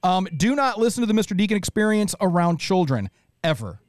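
Guy hosting a podcast, kinda higher voice, jokey intros, dry mic. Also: big pitch swings, brisk, no room sound. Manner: joking, playful introductions. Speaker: host. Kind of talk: casual podcast panel chat.

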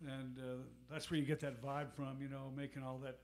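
Between songs at a live gig, a bandleader and harmonica player tells a long, rambling anecdote packed with asides, picked up by a stage mic in a music club. His mid-range voice is slightly mellow, with a level tone and a fairly quick pace.

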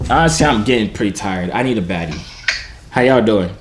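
A man's voice: fairly low pitch, normal speed. Joking young man on a noisy video call.

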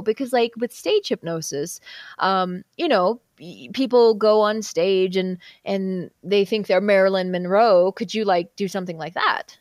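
A woman's voice: medium pitch, moderate pace, dry recording, clean studio sound. Laughing woman telling a story. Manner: laughs often, animated retelling with quoted voices. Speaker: guest, hypnotherapist. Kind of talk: casual storytelling chat.

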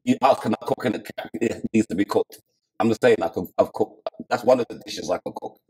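A man's voice: on the low side, brisk, warm tone, husky, poor audio. A man doing brash, crude comic banter as a comedian on a dating show, cocky and swaggering.

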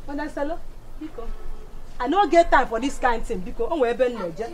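High-voiced Nigerian woman arguing back. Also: animated, fairly quick, poor audio. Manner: argumentative, protesting. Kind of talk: comic skit.

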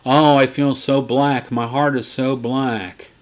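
A man's voice: medium pitch, little pitch movement, takes it slowly, voice pushed down, close to an everyday voice. A man putting on the voice of a mopey, self-pitying goth in a whiny, sighing tone.

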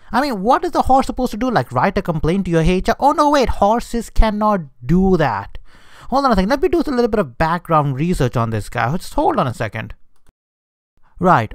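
A man's voice: a little high, clear, resonant tone, no room sound. A man ranting to his vlog audience in an indignant, unscripted way, often stumbling over his words and restarting. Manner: indignant ranting with frequent hesitations. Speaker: vlogger. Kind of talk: unscripted rant.

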